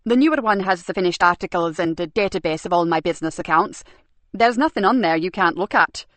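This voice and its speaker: A woman's voice: on the low side, brisk, a bit bright, no room sound, lightly acted. A woman voicing a mild, absent-minded middle-aged man who designs websites, open and matter-of-fact. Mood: calm.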